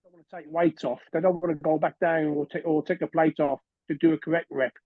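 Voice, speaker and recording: A man's voice: a little high, fairly even intonation, quick pace, no room sound. A man explaining training habits earnestly in a casual podcast chat. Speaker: podcast co-host. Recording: dull, dry mic sound.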